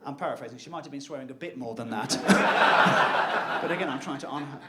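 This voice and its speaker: A man performing live stand-up comedy, telling a self-mocking story in an animated way. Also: medium pitch, a little fast, very noisy. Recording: echoey venue with audience laughter.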